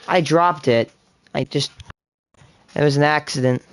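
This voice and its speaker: A man's voice: a little high, measured pace, slight background noise. A male streamer chatting casually during a live game stream, distracted and muttering while he plays. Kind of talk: live gaming stream chat.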